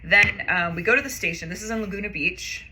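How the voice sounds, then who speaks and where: A woman's voice: mid-range voice, brisk, noisy background. A young woman, a comedian, telling a personal story in a casual, self-mocking way, acting out the dialogue with big jumps in her voice.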